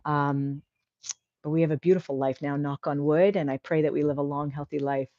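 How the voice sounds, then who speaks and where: A woman's voice: low-pitched, steady tone, a little fast, warm tone, no room sound, lo-fi sound. A woman hosting a casual livestream, chatty and encouraging, reading out viewer comments. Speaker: livestream host.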